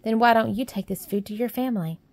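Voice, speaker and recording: A woman's voice: fairly high pitch, fast talker, darkish tone, voice pushed up. A woman voicing a haughty, spoiled little rich girl who talks coldly and demandingly.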